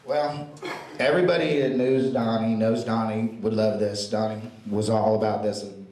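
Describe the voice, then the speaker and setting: A man's voice: on the low side, steady tone, moderate pace, a little mellow. A man giving an informal eulogy for a friend, telling stories in a rambling way with many fillers. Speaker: eulogy speaker. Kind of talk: informal spoken tribute. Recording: echoey room with faint noise.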